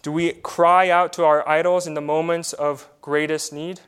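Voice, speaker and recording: A pastor preaching in a slightly high, smooth and resonant man's voice. He presses his points with rhetorical questions and then falls quiet to let them land. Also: flat delivery, moderate pace. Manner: emphatic preaching full of rhetorical questions, with sudden drops to quiet; repeats words when starting a phrase. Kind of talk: sermon.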